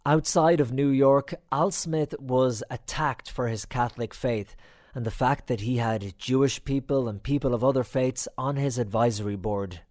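A male host narrates from a script in an even, steady tone. His voice is mid-pitched and plain. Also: moderate pace.

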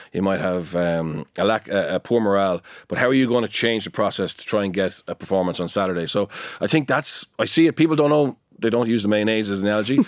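A man with a deep, low voice talks as a guest in an interview. He is animated and keen, stumbling into restarts and fillers as his thoughts run ahead. The sound is close and dry, with no room around it. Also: dry recording. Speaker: guest, performance consultant. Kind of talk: conversational interview.

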